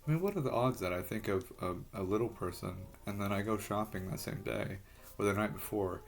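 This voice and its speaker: A man in a rambling personal monologue, halting and frustrated, swearing heavily as he talks. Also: lowish voice, gravelly.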